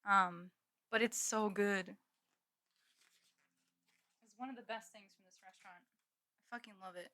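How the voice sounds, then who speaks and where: A woman's voice: mid-range voice, steady tone, unhurried, long pauses, pushed and bright. A woman chatting casually on a live stream from her room at home, giggling and swearing now and then while she snacks. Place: home room with green screen.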